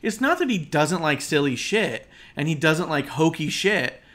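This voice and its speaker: A man's voice: on the high side, big pitch swings, moderate pace, a bit bright. A man co-hosting a casual wrestling talk show over an online call, emphatic and opinionated, rambling with fillers. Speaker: podcast co-host.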